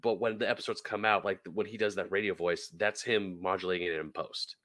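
A man co-hosting a podcast, talking enthusiastically and haltingly, restarting his sentences. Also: low voice, steady tone, fairly bright tone. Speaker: podcast co-host. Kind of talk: casual chat on a live-streamed podcast.

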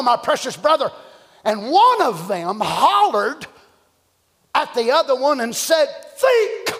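A man preaching a sermon, moving from hushed whispers to shouted cries as he acts out the voices he quotes. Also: high-pitched, in a large hall. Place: church.

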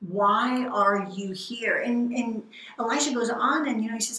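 A woman's voice: on the high side, moderate pace, pushed and bright. Earnest woman reflecting in an echoey room. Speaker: podcast co-host. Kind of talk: conversational faith discussion.

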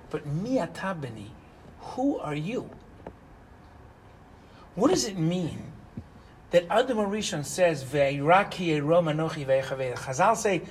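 A middle-aged man teaching Torah as a rabbi, asking rhetorical questions and moving between loud emphasis and hushed asides. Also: fairly high pitch, a little hiss or hum, low-quality recording. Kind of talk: animated Torah lecture.

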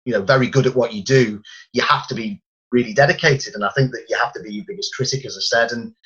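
Male sports commentator, bright forceful tone, earnest, dull lo-fi sound. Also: medium pitch, fast talker. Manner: earnest, repeats words when starting sentences. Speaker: football commentator. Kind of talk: casual chat.

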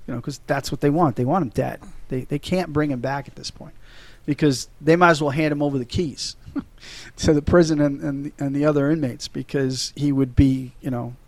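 A man's voice: on the high side, fairly even intonation, normal speed, no room sound. A man hosting a casual movie-talk podcast, rambling and stumbling over his words as he gets emotional. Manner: rambling, restarts a lot, emotional. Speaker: podcast host.

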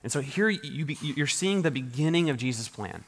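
A man preaching a sermon in a relaxed, conversational way, often restarting his sentences and laughing lightly. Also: a little high, normal speed. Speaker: pastor. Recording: reverberant hall.

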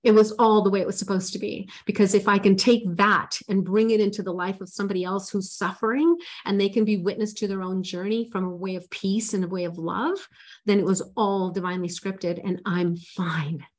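A woman's voice: medium pitch, fairly even intonation, brisk. A woman in her forties speaks as a life coach in an interview. She tells her own story earnestly and with feeling. Her words often trip and restart as she gets emotional.

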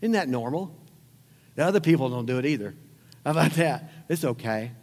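A man's voice: medium pitch, lively intonation, brisk, darkish tone. A man preaching a sermon, talking conversationally with rhetorical questions and repeated lines for emphasis. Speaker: pastor. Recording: long hall reverb.

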